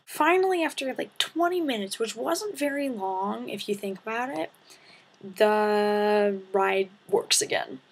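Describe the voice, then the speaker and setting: A teenage girl telling a story to her vlog audience in a lively, dramatic way, with whispered asides. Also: a little high, a little slow. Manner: animated, dramatic retelling with breathy asides. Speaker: vlogger. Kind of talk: casual storytelling to camera.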